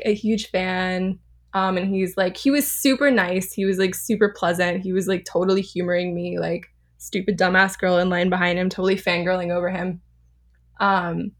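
Brief: thirties woman from Southern California, podcast guest, mid-pitched, chatty storyteller, laughs a lot, loose and animated delivery. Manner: chatty, animated, laughs often, many fillers. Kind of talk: casual storytelling.

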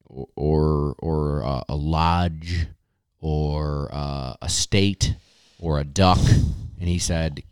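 A man's voice: a bass voice, steady tone, clear, resonant tone, dry recording, studio quality. A man hosting a podcast in casual chat, teasing his co-host and moving through segments. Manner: teasing, unhurried, runs the segments.

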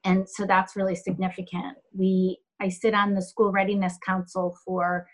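A woman in a middle register answers interview questions as a health center leader. She speaks thoughtfully, often pausing and filling gaps as she gathers her words. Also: mid-range voice, monotone, low-quality recording. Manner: thoughtful, halting with many fillers.

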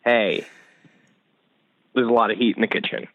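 A man calling in as a podcast guest, riffing loudly with profane, rambling comic bits. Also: fairly low pitch, fairly even intonation, moderate pace, dry recording, highs cut off. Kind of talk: casual chat. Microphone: remote line.

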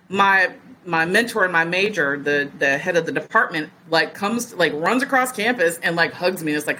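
Woman, 40s, podcast guest; low voice, bright edge, animated storyteller. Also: normal speed, slight background noise, low-quality recording. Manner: lively storyteller who acts out other people's words. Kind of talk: casual storytelling.

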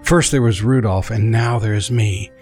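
A man reading a storybook who voices a tiny, lonely male bell bursting with excitement. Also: fairly low pitch, moderate pace, faint music behind, natural voice.

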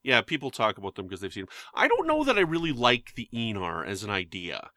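Podcast co-host: a Canadian man, bright voice, dry close sound, joking and chatty. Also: mid-range voice, huge pitch swings, brisk, no echo. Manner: chatty, joking asides, many restarts. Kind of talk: casual chat.

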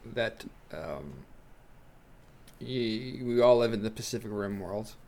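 A man hosting a casual podcast and posing the questions, playful and laughing as he pitches ideas. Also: lively intonation, takes it slowly, creaky, a little mellow. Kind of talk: casual banter.

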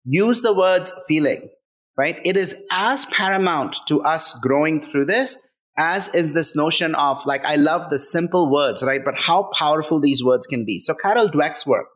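A man's voice: fairly high pitch, lively intonation, measured pace, a bit bright. A man speaking as a guest author in a conversational interview, earnest and emphatic, often checking in with "right?".

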